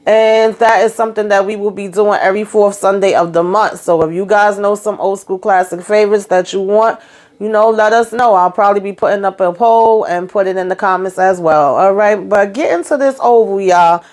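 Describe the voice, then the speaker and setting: A woman vlogger chatting casually through a TV episode recap, animated and quick to act out lines. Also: mid-range voice. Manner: chatty and animated, acting out quotes.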